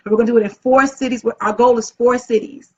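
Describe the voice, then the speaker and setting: A woman hosting a casual live video as an event planner, upbeat and chatty, often gushing about how excited she is. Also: on the high side, fast, husky. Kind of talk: casual live-stream talk. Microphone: phone or webcam live stream. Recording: dull lo-fi live-stream audio.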